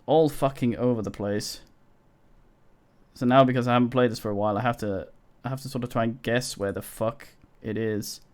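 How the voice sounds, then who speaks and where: A male game streamer talking casually over his play. He rambles, swears freely and often restarts his sentences. His voice sits in an ordinary middle pitch. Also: steady tone, brisk. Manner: rambling, profane, with frequent restarts. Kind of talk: casual live-stream commentary.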